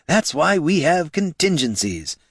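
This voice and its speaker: A smug male schemer raises a grand toast, as a man plays him. The voice is pitched high above the narrator's and gravelly. It is heard dry and close, in a storybook. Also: very animated, measured pace, fairly bright tone, no echo, heavily acted.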